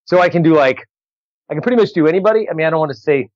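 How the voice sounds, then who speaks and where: A man's voice: on the high side, lively intonation, rapid-fire, no echo. Man talking over a dull call line. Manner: loose, laughing, stumbles over takes. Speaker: guest comedian. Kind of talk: casual chat over a call. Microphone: phone earpiece on a video call.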